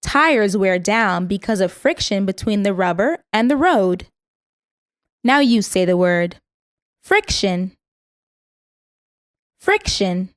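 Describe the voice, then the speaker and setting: A woman reading a scripted vocabulary lesson in a measured way, saying each word twice so learners can repeat it. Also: medium pitch, expressive, no room sound, studio quality. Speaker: vocabulary instructor.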